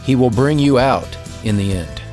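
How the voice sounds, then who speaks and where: Gentle encouraging male radio minister. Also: medium pitch, lively intonation, moderate pace, faint music behind. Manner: gentle, encouraging, direct address to listener. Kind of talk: pastoral exhortation.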